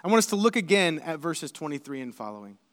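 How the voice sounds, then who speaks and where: A male preacher delivers an animated sermon in a fairly high voice, building his points into emphatic, shouted lists. The sound rings out with the long reverb of a large hall. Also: fast talker. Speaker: pastor.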